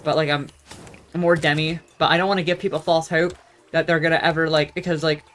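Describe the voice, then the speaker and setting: A young adult gaming vlogger tells a story in a casual, profane rant that rambles and keeps losing its thread. His voice is medium-pitched and fairly bright, delivered flatly and fast.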